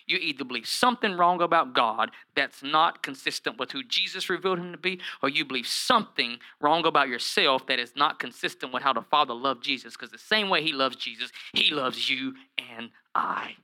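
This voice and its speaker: A man pastor preaching a lively sermon, acting out Bible characters in comic voices and calling out to his listeners. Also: mid-range voice, a little fast, hardly any pauses. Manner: animated, acts out Bible characters in funny voices, calls to the congregation by name.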